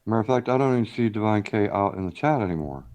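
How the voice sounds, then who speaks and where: A man's voice: lowish voice, animated, fast talker, darkish tone. A man co-hosting a late-night live stream, easygoing, chiming in with short agreeing replies and the odd story of his own. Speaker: co-host. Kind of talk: casual live-stream chat.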